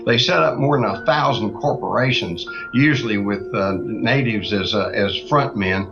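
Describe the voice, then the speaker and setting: Low, halting male author on lo-fi audio. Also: vocal fry. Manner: halting with frequent "uh" fillers. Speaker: author guest. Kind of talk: interview answers. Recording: dull, lo-fi audio. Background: music.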